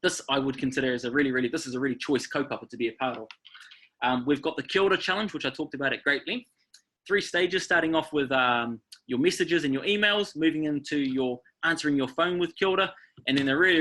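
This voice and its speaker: A man's voice: medium pitch, a bit bright. A man with a New Zealand accent, presenting an online workshop in an upbeat, coaching way and often checking in with his listeners.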